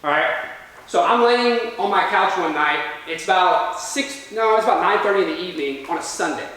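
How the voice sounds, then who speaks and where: A man's voice: sits high, fairly bright tone. A man giving a motivational talk to students in a large university lecture room, telling a story and often checking in with the crowd. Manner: storytelling, keeps checking in with "all right?". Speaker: motivational speaker. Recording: echoey hall from far off.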